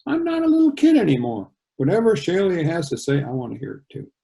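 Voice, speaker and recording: A man voices an eager nineteen-year-old girl in a storybook reading, her lines lifted higher and swinging up and down. Insistent and lively, she pushes to be heard. A gravelly edge from the reader stays underneath. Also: quick pace, exaggerated voice. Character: young adult woman, nineteen, eager daughter. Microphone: video call.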